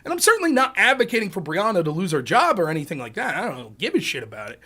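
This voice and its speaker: Man, live stream host, swearing rant, sarcastic, lively swinging pitch. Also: fast, slightly rough. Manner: profane, combative, sarcastic. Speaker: livestream political commentator. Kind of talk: ranting live-stream commentary.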